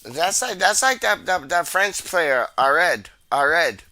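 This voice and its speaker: A man's voice: a little high, lively intonation, slow pace, bright, forceful tone, no echo. A man chatting casually on a football podcast, full of slang and repeated fillers. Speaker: podcast co-host. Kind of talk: casual chat.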